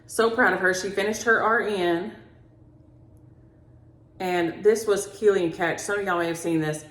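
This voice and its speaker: A woman's voice: medium pitch, steady tone, moderate pace, fairly bright tone. A middle-aged woman hosting a cross-stitch vlog, chatting at home in a folksy, storytelling way and calling viewers "y'all". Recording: roomy home recording.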